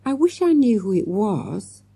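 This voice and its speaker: A woman reading an audiobook, voicing an eager, clever schoolboy sleuth in a quick, excited boyish way. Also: medium pitch, creaky, breathy edge, no room sound, voice pushed up, exaggerated voice.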